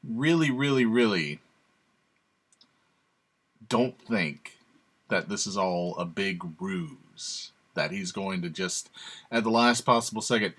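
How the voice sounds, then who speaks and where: A man's voice: sits low, animated, measured pace, a bit bright. A man hosting his own channel, giving sarcastic, emphatic opinionated commentary and chuckling to himself. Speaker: channel host.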